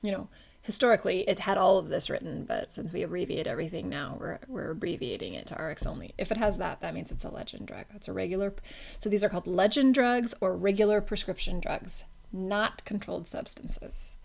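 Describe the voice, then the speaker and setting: Woman lecturing, gravelly voice. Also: mid-range voice, expressive, brisk, a little mellow. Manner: casual, conversational, self-correcting. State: has the hiccups. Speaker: pharmacology instructor. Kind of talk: classroom lecture.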